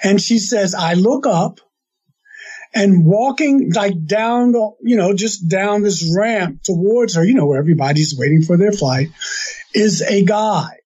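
A man's voice: high voice, a little slow, a little mellow, breathy edge. A man casually retelling a story he was told, rambling with restarts and quoting the other person's words. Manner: rambling, with restarts and quoted dialogue. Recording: dull lo-fi sound.

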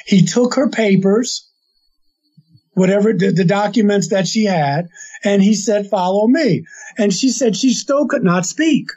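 High, husky man telling a story. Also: measured pace, darkish tone. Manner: rambling, with restarts and quoted dialogue. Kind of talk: casual retelling of an anecdote. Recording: dull lo-fi sound.

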